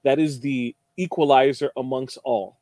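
A man's voice: mid-range voice, fairly even intonation, normal speed, mellow, dry recording. A man co-hosting a casual podcast chat, stressing his points and repeating them. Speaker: podcast co-host.

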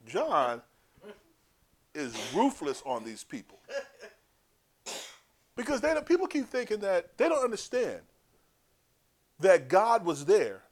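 A man preaching an animated, joking sermon that builds to loud emphatic peaks. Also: sits high, slow, long pauses.

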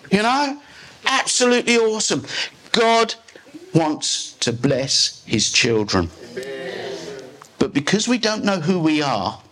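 A pastor preaches live to his church, a man with a fairly high voice and a bright, forceful edge. He drives each point home in emphatic, declarative sentences. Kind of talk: live sermon. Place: church service.

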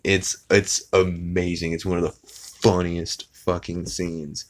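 A man with a deep, low voice hosts a casual podcast and recaps an episode in a rambling way. He fills his talk with "uh"s and restarts, and drops swear words freely. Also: level tone, takes it slowly. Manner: rambling with many fillers and swearing. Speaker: podcast host.

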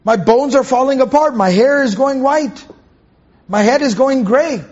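A man with a high-pitched voice teaches a Quran commentary lesson. He patiently explains Arabic words and stops to correct himself mid-sentence. The recording sounds dull and lo-fi. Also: moderate pace, darkish tone.

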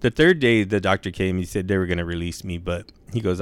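Laid-back swearing young man, smooth voice. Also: deep voice, fairly quick, no room sound. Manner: laid-back, swears a lot, says dude and bro. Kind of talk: casual storytelling chat.

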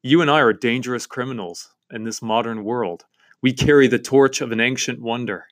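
A man's voice: mid-range voice, moderate pace. A man giving a devotional Bible-study talk on a novel, earnest and enthusiastic, with frequent fillers and restarts.

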